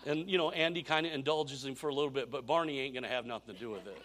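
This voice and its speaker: A man preaching a sermon, telling a story in an animated way and often repeating phrases. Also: medium pitch, racing. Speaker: pastor.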